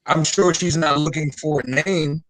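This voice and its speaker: A man's voice: fairly high pitch, fairly even intonation, moderate pace, a bit bright. A man joining a live podcast by remote call, carefully restating the point under discussion. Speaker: panelist. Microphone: remote call connection.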